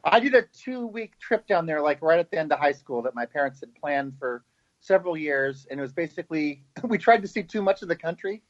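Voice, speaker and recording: Relaxed woman host, lo-fi sound. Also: deep voice, brisk, no room sound. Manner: relaxed, conversational. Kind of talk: casual chat. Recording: dull lo-fi audio.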